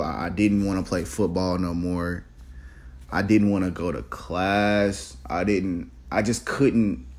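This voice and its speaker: A young man in college, telling a personal story in a casual, halting, reflective way, with many fillers and restarts. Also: sits low. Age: young adult.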